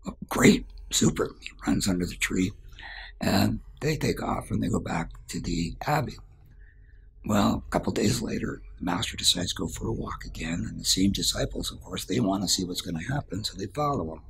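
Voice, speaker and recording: A man's voice: low voice, lively intonation, fairly quick, vocal fry, fairly bright tone, husky. A man giving a spiritual talk as a teacher, telling a story in an earnest way and dropping to a whisper at times.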